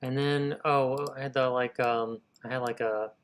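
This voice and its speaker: His mid-range voice is clear and resonant, moving at a moderate pace as he hosts a live writing session. Energetic and casual, he thinks aloud and talks to viewers as "y'all."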